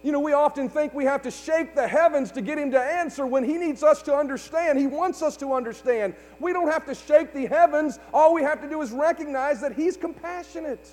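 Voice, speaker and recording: A man's voice: very high-pitched, brisk, hardly any pauses. A man preaching a sermon to his congregation, building fervor and calling for responses. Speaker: pastor. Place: church sanctuary. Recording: hall reverb with faint mains hum.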